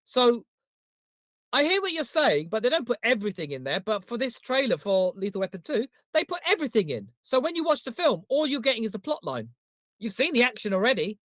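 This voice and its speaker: A man's voice: extremely high pitch, fairly quick, dry recording, clean studio sound. A man co-hosting a comedy podcast in casual chat, rambling through jokey stories. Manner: animated, rambling, jokey storytelling. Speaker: podcast co-host.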